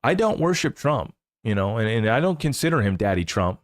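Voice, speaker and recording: A man hosts a casual crypto commentary stream, his pitch sitting in a middling range. He rambles with excitement and jumps between asides. The recording is dry and close, with no room echo. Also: a little fast. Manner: excitable, rambling, laughs at the news. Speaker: crypto channel host.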